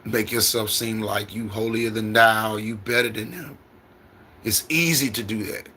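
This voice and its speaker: A middle-aged man speaking into his phone on a livestream, with a bright, forceful tone. He tells stories and turns them into lessons, repeating his points like a preacher. Faint background noise sits under his voice. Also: on the low side, measured pace. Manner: repetitive, preacherly storytelling. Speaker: trucker livestreamer. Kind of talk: casual livestream monologue.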